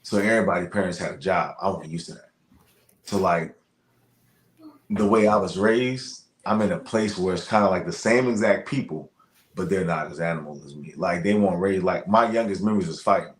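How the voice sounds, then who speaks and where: A man from Louisiana, a guest boxer, chatting in an interview, talking fast with lots of fillers as he tells stories. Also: low-pitched. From Louisiana, USA. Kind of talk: casual interview chat. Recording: echoey room.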